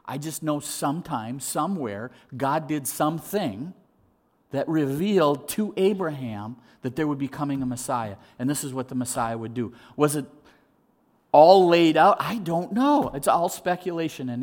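Casting male preacher, slightly high voice, lively sermon delivery, acts out quotes. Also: moderate pace. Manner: animated, acts out quoted voices, repeats words when restarting. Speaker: pastor.

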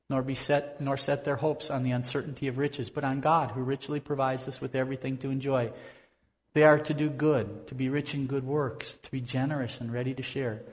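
A man preaching a conversational sermon as pastor, swinging from loud bursts to hushed tones. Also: medium pitch, long reverb tail.

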